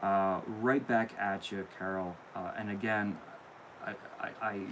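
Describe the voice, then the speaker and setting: A man's voice: lowish voice, fairly even intonation, a little slow, a bit bright, a little hiss or hum, poor audio. A young man hosting a casual live stream, opening viewer mail and gushing with thanks. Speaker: candle channel host.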